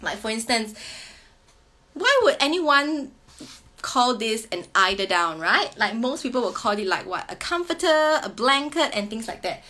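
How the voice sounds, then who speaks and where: A woman's voice: fairly high pitch, big pitch swings, unhurried, bright, forceful tone. A woman in her thirties chatting casually to camera about reading with children, sing-song and teacher-like, often ending sentences with "right?". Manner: chatty, ends many sentences with a questioning "right?". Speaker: parent sharing reading tips. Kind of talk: casual explanatory talk to camera.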